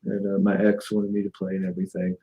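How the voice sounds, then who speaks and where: A man's voice: quick pace, lo-fi sound. A man co-hosting a casual livestream, telling stories animatedly and laughing often. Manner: animated storyteller, laughs often, jumps up in pitch when amused. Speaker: stream co-host.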